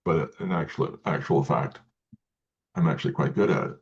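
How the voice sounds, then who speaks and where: A man speaking as an interview guest, talking in halting sentences with many restarts and repeated words. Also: very deep voice, muffled recording. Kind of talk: casual interview talk.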